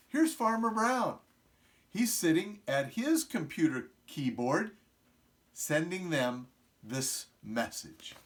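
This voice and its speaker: A middle-aged man reading a picture book aloud to preschool children, often stopping to ask them questions. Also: on the high side. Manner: slow, animated, asks the children questions. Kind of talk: storybook read-aloud to young children.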